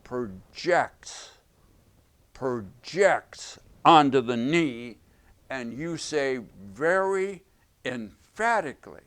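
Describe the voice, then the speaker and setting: Male self-help teacher, slow and deliberate, mid-pitched, emphatic, repeats key phrases for the camera. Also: lively intonation, a bit bright. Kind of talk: explanatory video lecture.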